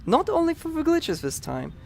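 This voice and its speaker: Upbeat Dutch-accented speedrun commentator. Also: male voice, very high-pitched, huge pitch swings, moderate pace, gravelly. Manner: chatty, upbeat, explaining as he plays.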